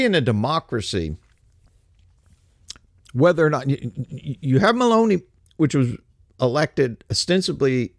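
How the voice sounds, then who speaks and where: A man's voice: medium pitch, a little mellow, no echo, studio quality. An older man hosting a political commentary show, who talks sarcastically, mocks his targets and often repeats words as he goes. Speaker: host.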